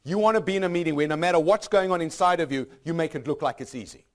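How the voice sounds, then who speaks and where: A man's voice: fairly high pitch, quick pace. A man speaking as a motivational speaker to a live audience in a room. He talks emphatically and repeats himself, with many rhetorical questions.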